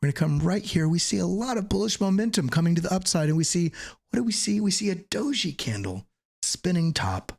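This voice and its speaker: Joking, energetic male crypto streamer. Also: sits high, brisk, creaky. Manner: energetic, joking, swears casually. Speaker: crypto trading channel host. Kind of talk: live-streamed chart analysis.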